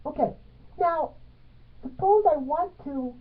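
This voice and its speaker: Female music teacher, unhurried and halting, counts beats aloud; narrow lo-fi audio. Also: sits high, animated. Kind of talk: piano music theory tutorial. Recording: tinny phone-like sound.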